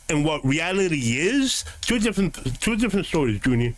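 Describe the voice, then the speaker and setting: A man's voice: on the high side, sing-song, moderate pace. A man streaming a game, answering his live chat in a combative, sarcastic, lecturing way.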